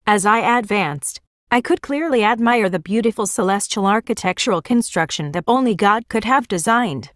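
A woman's voice: medium pitch, animated, moderate pace, no room sound, studio quality. A woman giving a first-person religious vision testimony in an earnest, plain storytelling manner.

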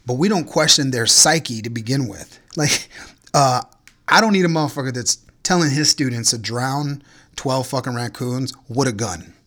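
A podcast host with a mid-range, slightly bright voice chats casually at normal speed, ranting in a profane, incredulous way about strange news stories.

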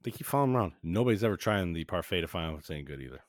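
A man's voice: sits low, expressive, very fast, no echo, studio quality. A man hosting a podcast, recapping an old cartoon episode in a joking, rambling casual chat full of fillers. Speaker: podcast host.

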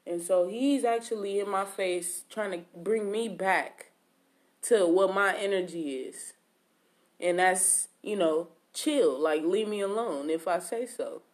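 A woman's voice: medium pitch, measured pace, a little mellow. A woman casually telling a personal story, in slangy, profane talk full of "like" and reported speech. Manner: slangy, profane, lots of 'like' and quoted speech.

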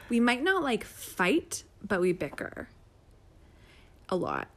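A woman's voice: mid-range voice, huge pitch swings, slow, a bit bright. A woman in a casual couple's chat, chatty and candid, often laughing as she talks. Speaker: podcast co-host.

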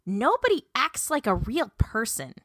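A woman's voice: fairly high pitch, a little slow, no echo, clean studio sound. A woman co-hosting a podcast, chatting casually about a film, laughing and acting out lines. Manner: animated, laughs, acts out quotes. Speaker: podcast co-host. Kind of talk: casual movie discussion.

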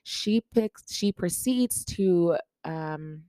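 A woman's voice: on the low side, expressive, drawn-out words, mellow, no echo. A woman hosting her own podcast, telling a story time in a chatty, joking way and often asking the listener to guess what happened. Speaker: podcast host.

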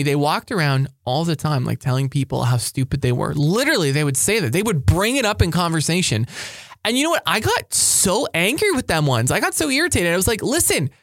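A man preaching a motivational talk to high school students, energetic and emphatic, repeating his key phrases. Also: no echo, studio quality. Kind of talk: sermon-style motivational talk.

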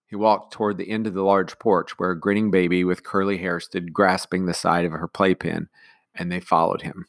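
A male teacher reading a children's novel aloud in a calm, even narration. His voice sits low. The recording is dry and close. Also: fairly quick, creaky, dry recording. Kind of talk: storybook read-aloud.

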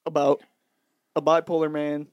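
A man's voice: fairly high pitch, completely flat delivery, normal speed, clear, resonant tone, no room sound, highs cut off. A young man from Louisiana co-hosting a podcast in loose, joking casual chat. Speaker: podcast co-host.

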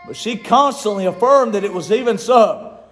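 A man preaching a sermon, impassioned and rising to shouts. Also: high voice, moderate pace. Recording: echoey room.

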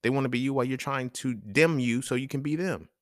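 A man's voice: mid-range voice, fast, dry recording, studio quality. A man hosting a podcast, talking in a casual, emphatic and profane monologue, chuckling between points. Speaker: podcast host.

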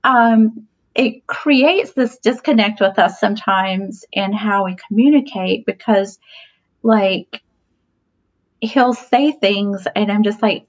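A woman's voice: mid-range voice, takes it slowly, poor audio. A woman in her forties, a podcast guest telling stories in a casual chat, talkative with frequent laughs and fillers. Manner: chatty, laughs often, many fillers.

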